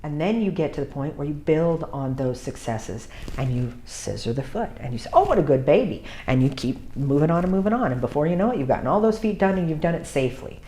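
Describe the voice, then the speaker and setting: Low-voiced woman teaching dog grooming. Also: lively intonation, fairly quick, hardly any pauses, warm tone. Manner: emphatic, repeats key points. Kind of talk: instructional talk.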